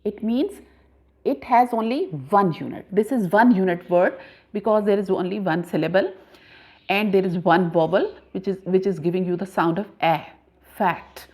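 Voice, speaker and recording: A woman teaching a grammar lesson, explaining slowly and repeating points, with frequent pauses. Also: medium pitch, a little mellow. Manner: slow, deliberate, repeats points with many "uh" pauses. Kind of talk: classroom lesson explaining syllables.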